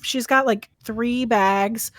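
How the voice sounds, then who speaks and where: A woman's voice: on the high side, steady tone, slow pace, fairly bright tone, no room sound. A woman player in a tabletop role-playing game, narrating her scene in a casual, rambling way with lots of fillers.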